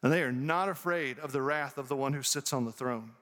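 A man's voice: mid-range voice, brisk, a bit bright. Guy preaching in a church, earnest, voice echoing round a big hall. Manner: earnest, preaching with rising emphasis. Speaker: pastor. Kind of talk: sermon. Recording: long hall reverb.

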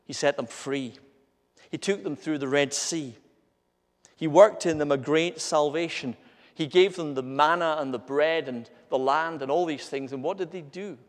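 A man preaching an earnest, conversational sermon, asking his listeners rhetorical questions. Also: a little high. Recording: long hall reverb.

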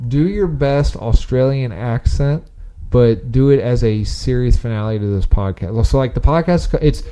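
Mellow-voiced excitable podcast host man. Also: mid-range voice, moderate pace, clean tone. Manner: rambling and excitable, laughs often. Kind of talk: casual podcast chat. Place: parents' basement.

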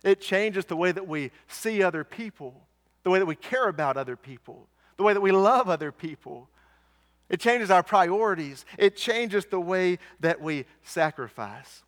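A man's voice: sits high, expressive, moderate pace. A man preaching a sermon in an earnest way, asking rhetorical questions and repeating lines for emphasis. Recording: church hall reverb.

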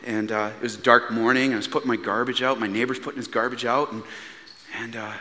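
A male pastor preaching a sermon in a church, earnest and pleading, swinging from hushed asides to loud emphatic lines. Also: medium pitch, level tone, quick pace, big-room sound. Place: church hall.

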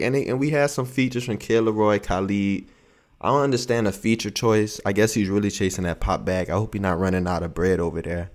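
A man's voice: fairly low pitch, a little fast. A young man co-hosting a podcast, chatting casually with slang and lots of fillers. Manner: laid-back slangy banter, frequent fillers. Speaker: podcast co-host.

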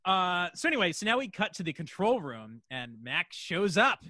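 A man's voice: high voice, big pitch swings, moderate pace, pushed and bright, no echo, studio quality. A man co-hosting a podcast, casually recapping a TV episode, laughing often and rambling loosely. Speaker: podcast co-host.

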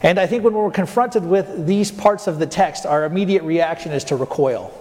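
A male pastor preaching a sermon, putting rhetorical questions to the congregation and slowing down to stress key points. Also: high-pitched, mellow, long reverb tail. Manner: asks the congregation rhetorical questions, slows down for emphasis.

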